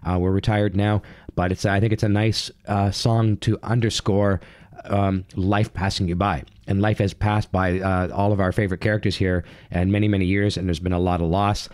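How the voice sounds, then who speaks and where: A man hosting his own channel gives a casual TV recap monologue, enthusiastic and rambling, full of fillers and restarts. His low voice is level, a little mellow, and at normal speed, recorded clean and studio quality with no echo.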